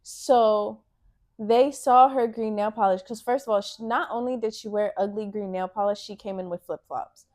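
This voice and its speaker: A woman's voice: medium pitch, steady tone, moderate pace, darkish tone. A young woman co-hosting a casual chat, bluntly teasing her friend and telling a school story with acted-out quotes. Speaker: co-host.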